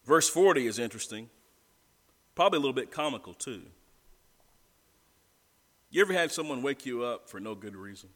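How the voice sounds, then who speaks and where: A man's voice: mid-range voice, lively intonation, fairly quick, long pauses, a bit bright. A male pastor preaching a sermon in a church, talking conversationally and chuckling as he tells the story. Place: church sanctuary. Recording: long church reverb.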